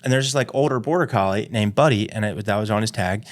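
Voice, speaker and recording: A man's voice: fairly low pitch, fast. Rambling man telling a story on a podcast. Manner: rambling, filler-heavy storytelling with frequent "anyways". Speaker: podcast co-host and dog trainer. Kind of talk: casual storytelling chat.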